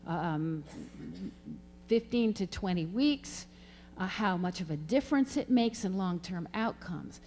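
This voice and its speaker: A woman's voice: fairly high pitch, a little mellow. A middle-aged woman researcher giving an emphatic conference talk to an audience, posing questions as she presents her findings. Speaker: reading researcher speaking at a symposium. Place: lecture hall. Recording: long hall reverb.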